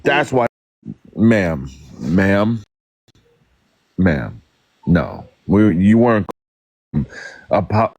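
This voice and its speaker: A man co-hosting a livestream, telling stories in a casual, profane and animated way, acting out what others said. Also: sits low, extremely slow, creaky, long pauses, husky, no echo. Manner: animated, profane storytelling with acted quotes. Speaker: livestream co-host. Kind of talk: casual chat.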